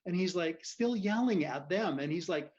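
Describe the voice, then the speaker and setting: Man guest, lively storyteller who laughs a lot; muffled lo-fi audio. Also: fairly high pitch, normal speed. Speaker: physician guest. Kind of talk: casual storytelling.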